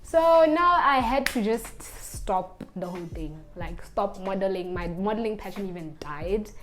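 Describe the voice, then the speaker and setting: A young woman, telling a casual storytime vlog in an animated way. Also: mid-range voice, unhurried. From Botswana. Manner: animated storyteller, acts out the people she quotes. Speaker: vlogger.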